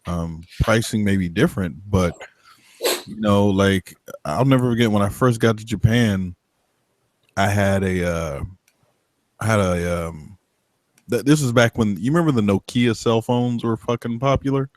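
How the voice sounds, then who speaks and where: A man telling stories in casual chat, rambling and animated, swearing freely. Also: lowish voice, normal speed, no echo. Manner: profane, rambling storyteller; loose and animated.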